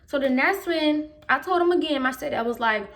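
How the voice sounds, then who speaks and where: A woman's voice: high voice, moderate pace. A woman telling a personal story in a casual storytime vlog, slangy and emphatic, and she replays what she said back then. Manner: animated, replays her own past remarks in quotes.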